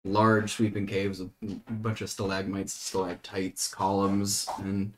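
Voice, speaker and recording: A man with a somewhat low voice, chatting as a player in a tabletop game. He rambles and hesitates, restarting his sentences and filling gaps as he explains what his character does. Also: completely flat delivery, measured pace, slight background noise. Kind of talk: casual in-character play chat.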